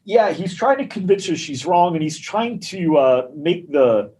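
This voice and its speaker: A man's voice: high voice, unhurried, poor audio. A man on a podcast telling a sales story in casual talk, acting out the people in it. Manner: animated storyteller acting out dialogue. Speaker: gym marketing guest.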